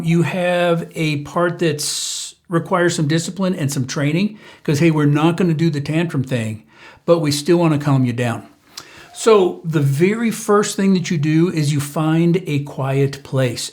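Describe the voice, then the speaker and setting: A middle-aged man hosting a parenting channel, giving casual, conversational advice to camera with frequent fillers and restarts. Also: on the high side.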